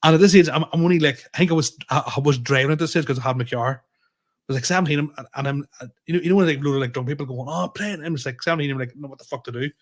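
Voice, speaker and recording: A man's voice: fairly high pitch, rapid-fire. A man co-hosting a comedy podcast, telling rambling, sweary anecdotes full of restarts. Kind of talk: casual storytelling chat.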